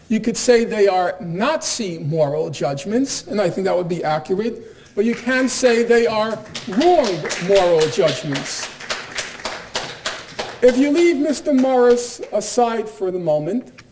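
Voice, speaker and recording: A man with a notably high-pitched voice delivers a university lecture. He speaks in a measured, deliberate way, with a dry, sardonic undertone. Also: a little mellow. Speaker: guest lecturer.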